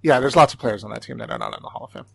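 A man's voice: medium pitch, wildly swooping pitch, racing, vocal fry, breathy edge, no room sound. A man in his forties co-hosting a podcast, telling stories in casual chat and acting out what people said. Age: 40s. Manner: storytelling, acting out quotes. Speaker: podcast co-host.

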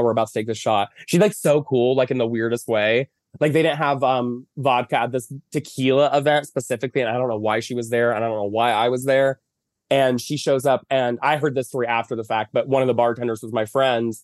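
A man's voice: medium pitch, steady tone, a little fast, dry recording, studio quality. A man, a makeup artist, chatting as a podcast guest, telling long stories with many fillers over a video call from bed. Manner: chatty storytelling with lots of fillers. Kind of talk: casual chat. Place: at home lying in bed.

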